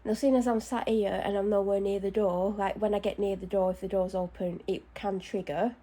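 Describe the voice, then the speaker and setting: A woman's voice: medium pitch, steady tone, brisk, mellow. Breathless, anxious woman chatting at home. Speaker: vlogger. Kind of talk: casual chat while doing skin care. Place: home bedroom.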